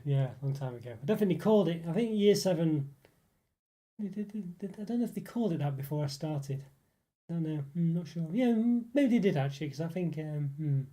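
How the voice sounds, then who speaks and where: A mellow, somewhat high voice belongs to a young northeast English streamer who chats loosely with viewers and reads their messages. He rambles, restarting sentences and leaning on fillers.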